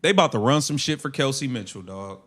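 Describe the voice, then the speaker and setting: A man's voice: medium pitch, animated, quick pace. A man hosting a live game watch-along stream, ranting angrily and swearing at the team. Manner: angry, profane, shouting rants. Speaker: livestream host.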